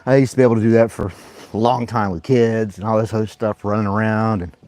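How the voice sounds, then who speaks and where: A man's voice: steady tone, quick pace. A man hosting a casual morning live stream, talking playfully to his dog and catching his breath between bursts of play. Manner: playful baby-talk to his dog, high and loud. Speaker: host.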